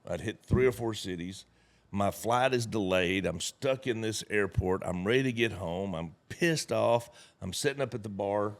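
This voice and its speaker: A man with a drawl who spins folksy stories in a relaxed chat. He acts out every line of dialogue himself. His voice sits on the low side. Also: normal speed. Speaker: network marketing leader. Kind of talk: casual chat.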